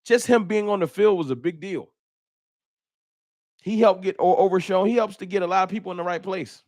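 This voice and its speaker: A man's voice: high-pitched, brisk, darkish tone, no echo, clean studio sound. A man hosting a casual fan livestream, reading super chats and venting with frustration and bursts of laughter. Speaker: fan channel host.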